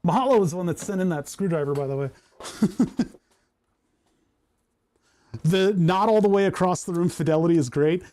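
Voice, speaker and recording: Barely pausing, this man talks quickly in a high, mellow voice while hiccuping over a project in his indoor workshop. He's streaming as he tinkers, rambling casually and amusing himself, recorded on a lapel microphone.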